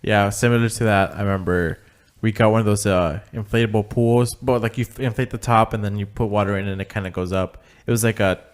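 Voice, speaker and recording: A man's voice: on the low side, steady tone, brisk, hardly any pauses. A young man co-hosting a podcast, telling a family story in a laid-back, joking way and acting out the quotes. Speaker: podcast co-host. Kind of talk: casual storytelling chat.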